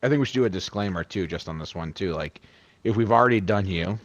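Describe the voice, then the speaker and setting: A man's voice: low-pitched, quick pace, no room sound, dull audio. An American man co-hosting a casual podcast, rambling and hedging with lots of fillers. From United States. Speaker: podcast co-host.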